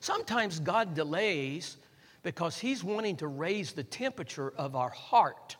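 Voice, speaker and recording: Man preaching, high bright voice, repeats lines, rising shouts, long reverb from a church hall. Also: very animated, unhurried. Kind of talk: sermon.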